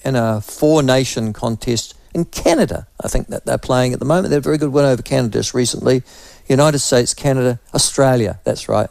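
A New man hosts talk radio in a sardonic, rambling monologue, pausing on ums and uhs as he drifts between asides. His voice sits at a middling pitch. The sound is dry and close, with no room behind it. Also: gravelly, a little mellow, no echo. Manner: sardonic, rambling, many fillers.

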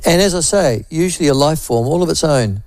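Gravelly-voiced New Zealand radio host. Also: male voice, a little high, expressive, a little fast, darkish tone, no echo. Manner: chatty, wry, self-deprecating asides. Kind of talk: talkback radio chat reading listener texts.

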